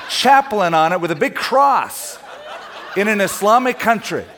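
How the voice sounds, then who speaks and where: A man's voice: sits high, moderate pace, slight background noise. A middle-aged man from California preaching a sermon, telling a travel story with laughter before turning to scripture. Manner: animated storyteller, laughing through anecdotes.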